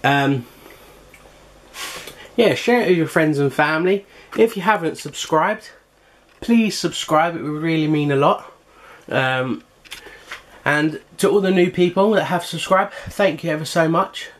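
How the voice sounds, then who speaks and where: A man's voice: on the high side, unhurried. A man hosting a casual home cooking vlog, chatty and full of fillers, sometimes talking while eating. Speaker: cooking channel host.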